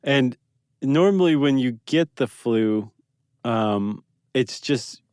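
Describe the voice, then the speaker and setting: A man's voice: medium pitch, lively intonation, slow, a little mellow, clear, resonant tone, no echo, clean studio sound. A man co-hosting a podcast, explaining facts in curious, conversational casual chat. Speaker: podcast co-host.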